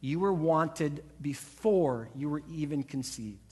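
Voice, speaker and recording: A pastor in a church, preaching with a fairly high, ringing man's voice. He drives his points home with emphasis and acts out the voices he quotes. He leads the congregation in call-and-response. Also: animated, takes it slowly, darkish tone, breathy edge. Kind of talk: sermon. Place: church sanctuary.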